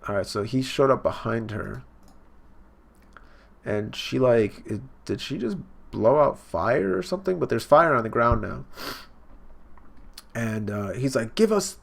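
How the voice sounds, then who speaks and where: A man's voice: mid-range voice, expressive, unhurried, vocal fry, long pauses. Casual man reacting to a comic. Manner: casual, many fillers and trailing off. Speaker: reaction video host. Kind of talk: live comic reading reaction.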